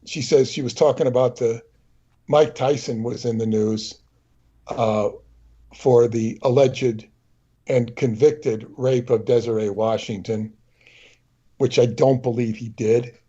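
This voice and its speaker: A man with a husky voice at a mid pitch wanders through an opinionated story as a livestream co-host. His talk is loose and digressive. The audio is muffled and lo-fi. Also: fairly even intonation, takes it slowly, dark tone. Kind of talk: rambling anecdotal chat.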